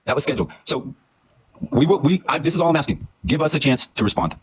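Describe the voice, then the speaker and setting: A man's voice: fairly high pitch, expressive, fast talker, breathy edge. A man on a livestream call, defensive and pleading, stumbling over his words. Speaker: livestream guest. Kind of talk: heated livestream talk.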